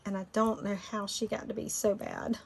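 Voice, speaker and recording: A creaky, mid-range voice with little pitch movement comes from a middle-aged woman from Florida who has a Southern Georgia accent. Over slight background noise, she speaks at normal speed, chatting, rambling, and laughing easily as she leads a screen-recorded design tutorial.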